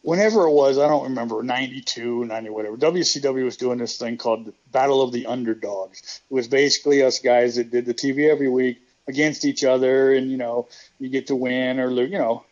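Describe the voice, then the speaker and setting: A man's voice: mid-range voice, fairly even intonation, fast, darkish tone, muffled recording. A middle-aged man and former pro wrestler, telling stories with self-deprecating jokes in a casual interview. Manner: joking, self-deprecating storyteller.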